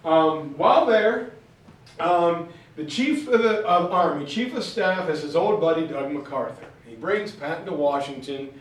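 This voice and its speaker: A man teaching a history class, telling the story in a casual, chatty, animated way. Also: fairly high pitch, a little slow. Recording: very echoey room, far from mic.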